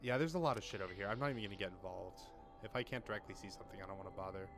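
A young man giving casual let's-play commentary, swearing often and swinging between muttering and excited outbursts. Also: deep voice, rapid-fire.

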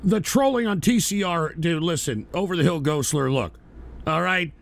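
A man hosting a livestream, ranting bitterly and profanely, with wild swings between shouted outbursts and tired, low muttering. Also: lively intonation, normal speed, vocal fry. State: drinking, weary. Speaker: livestream host. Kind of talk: angry livestream rant.

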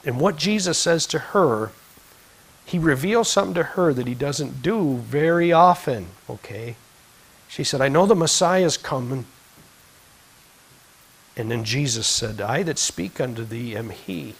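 A man preaching a sermon in a church, swinging between quiet conversational asides and impassioned, emphatic peaks. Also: medium pitch, expressive, a little slow, gravelly, breathy edge, poor audio. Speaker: pastor. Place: church sanctuary.

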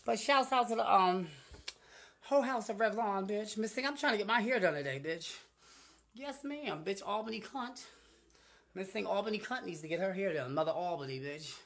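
Indoors in a small room, a vlogger rants to her phone camera held at arm's length, campy, brash and profane. She calls everyone "girl" and "honey" over and over, her lively voice moving at normal speed and swinging between loud bursts and low muttered asides in this sassy off-the-cuff rant.

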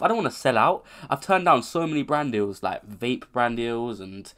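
A man's voice: mid-range voice, very animated, moderate pace, a bit bright. Young man sounding ill. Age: 20s. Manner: rambling, self-correcting, candid. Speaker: content creator. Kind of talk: casual unscripted vlog. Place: home bedroom.

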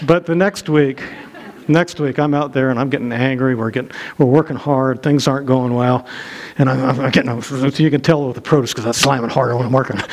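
Middle-aged pastor guy preaching in church, chatty self-deprecating story, lots of restarts. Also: medium pitch. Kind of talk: sermon with personal story. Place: church sanctuary.

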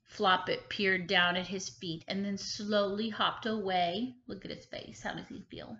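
A woman kindergarten teacher reading a picture book aloud, expressive and stopping to ask the children questions. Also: mid-range voice, unhurried, hardly any pauses. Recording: echoey room, slightly dull sound.

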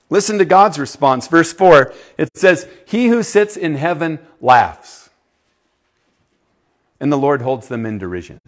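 A man preaching a sermon to a youth group. He talks emphatically, asks his listeners questions, and swings from loud declarations to hushed lines. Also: fairly high pitch, expressive, measured pace.

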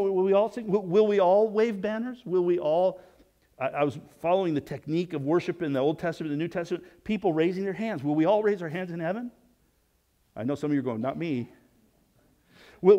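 Pastor guy preaching kinda casual, slightly high voice, lots of restarts and questions. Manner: conversational preaching with frequent restarts and rhetorical questions; drops to a soft hush when voicing prayers. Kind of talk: sermon.

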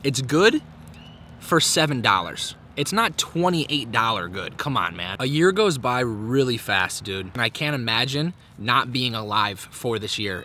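A young man in his twenties talks casually and openly to the camera in an outdoor park. His voice is bright and forward, and he swears freely as he reflects. A faint hiss sits under the voice. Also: mid-range voice. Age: 20s. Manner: candid and heavily profane. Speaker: vlogger.

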